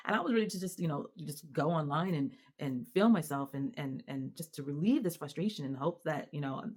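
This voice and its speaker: A woman with a low-pitched voice vents to her camera in a casual vlog. She talks in an animated, exasperated way that keeps stopping and restarting. Her fillers and false starts make it sound unscripted. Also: fairly quick. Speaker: mother and vlogger. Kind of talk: casual venting monologue to camera.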